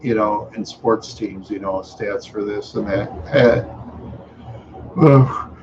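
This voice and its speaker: A man's voice: on the low side, takes it slowly, muffled recording, background noise. A tired, yawning man hosting a casual livestream chat, rambling along with many fillers and trailing asides. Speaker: livestream host.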